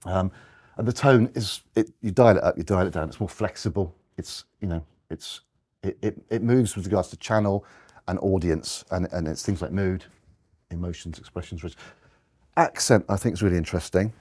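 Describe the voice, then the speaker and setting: Low dark-voiced guy presenting slides, husky, keeps restarting sentences. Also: normal speed. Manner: rambling, restarts, self-corrections. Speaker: guest copywriter giving a slide talk.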